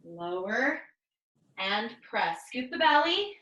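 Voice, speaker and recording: A woman leading a pilates class over a video call, giving calm step-by-step cues and counting reps. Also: a little high, slow pace, reverberant, muffled recording. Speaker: pilates instructor. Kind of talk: guided exercise class cues.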